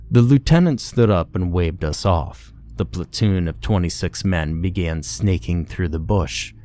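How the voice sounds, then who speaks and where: A man narrating a war horror story in a grim, measured, scripted way. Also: deep voice, a little mellow, dry recording.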